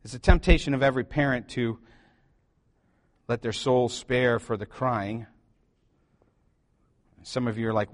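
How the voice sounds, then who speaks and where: A middle-aged man preaching a sermon as pastor, joking and shifting between loud emphasis and quiet asides. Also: mid-range voice, unhurried, long pauses.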